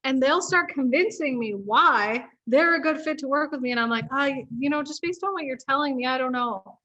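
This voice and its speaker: Relaxed woman guest, slightly high voice, easygoing chat. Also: a little fast, muffled recording. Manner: relaxed, laid-back, filler "like". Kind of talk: casual interview chat.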